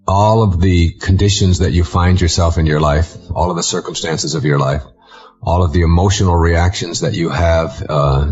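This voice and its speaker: Very deep-voiced man, dull recording. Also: darkish tone. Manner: measured, with frequent "uh" pauses. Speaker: motivational speaker. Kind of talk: explanatory talk.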